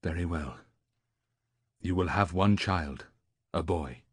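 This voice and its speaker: A man's voice: sits low, husky, dry recording, studio quality, full character voice. A man voicing a gloomy old seer. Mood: reluctant. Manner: quiet, slow and solemn. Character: old gloomy male seer, reluctant prophet.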